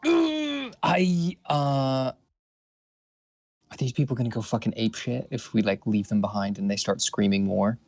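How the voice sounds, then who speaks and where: A man playing a tabletop game, chatty and excitable, cursing now and then. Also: lowish voice, normal speed, no room sound. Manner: excitable, chatty, swears casually. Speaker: player. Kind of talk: casual tabletop play.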